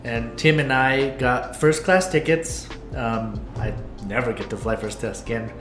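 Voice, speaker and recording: A man co-hosting a casual podcast, telling stories in a lively way, swearing freely and acting out what others said. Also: mid-range voice, unhurried, roomy sound, over music. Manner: animated storyteller, swears freely, acts out quoted voices. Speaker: podcast co-host. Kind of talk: casual chat.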